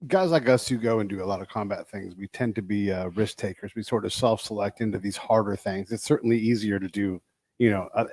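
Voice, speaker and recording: Brief: male podcast host, slightly low voice, easygoing slang, recorded in a home. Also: darkish tone. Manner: laid-back, slangy, upbeat. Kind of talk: casual interview. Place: guest's home.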